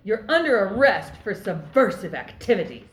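A woman's voice: medium pitch, very animated, a little hiss or hum, lightly acted. A woman reading the part of a zealous female police officer in a play read-through, bossy and suspicious, in a roomy echo. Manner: bossy, suspicious, slow and emphatic.

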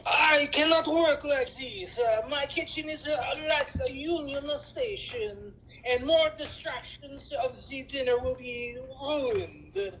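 A temperamental male chef with a put-on French accent, read by a woman. He speaks slowly and high, with theatrical self-pity. The recording is dull and lo-fi, with faint noise behind it. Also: a bit bright. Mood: indignant. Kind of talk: play read-through.

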